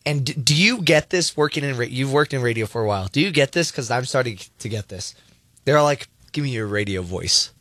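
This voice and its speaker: A man's voice: mid-range voice, fairly bright tone, no room sound. A young man co-hosting a radio show, chatting casually and filling his talk with "like". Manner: chatty, many likes, quick to laugh off. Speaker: radio co-host.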